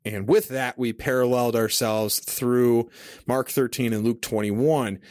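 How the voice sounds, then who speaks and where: A man hosting a casual teaching podcast, talking in a relaxed, conversational way with many fillers, at a studio mic on a stand. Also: mid-range voice, a little slow, no echo. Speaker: podcast host. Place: home studio at a desk.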